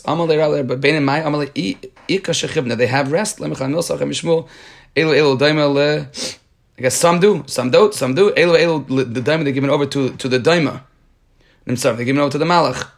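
Guy going through a talmud page, reading, mid-pitch voice, stops and restarts to explain in english. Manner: reads Aramaic aloud, then explains in English with frequent restarts. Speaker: Talmud teacher.

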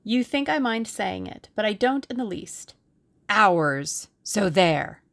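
A spirited young Englishwoman from a storybook, playful and coy, whose lines lilt up and down, as a woman reader acts her out. The voice is slow and carries a gravelly grain. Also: mid-range voice, very animated, voice pushed up, full character voice. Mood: dreamy. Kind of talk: audiobook character reading.

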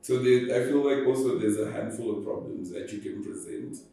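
A man's voice: mid-range voice, brisk, mellow, very echoey, recorded from a distance, faint music behind, rough recording. A Zimbabwean man answering interview questions reflectively and at length, with short laughs. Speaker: guest.

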